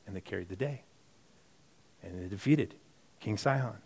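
A man preaching a sermon in a conversational way, reading scripture aloud and moving between quiet, muttered asides and emphatic bursts, often repeating and correcting himself. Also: on the low side, moderate pace, vocal fry, pauses often, slightly rough. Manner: self-correcting, repeats words. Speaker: pastor.

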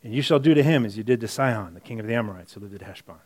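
A man preaching a sermon in a conversational way, reading scripture aloud and moving between quiet, muttered asides and emphatic bursts, often repeating and correcting himself. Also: fairly low pitch, expressive, very fast. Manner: self-correcting, repeats words. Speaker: pastor.

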